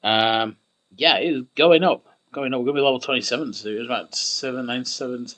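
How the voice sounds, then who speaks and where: A man's voice: medium pitch, fairly quick, fairly bright tone, rough recording. A young man rambling through casual gameplay commentary, chatty and self-mocking.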